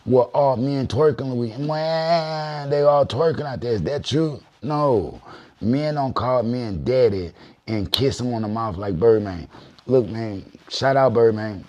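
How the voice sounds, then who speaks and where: A man's voice: mid-range voice, a little slow, a little mellow, muffled recording. A man giving a blunt, profane rant in street slang, repeating "you know what I mean" often. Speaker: commentator in a viral clip. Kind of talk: unfiltered rant.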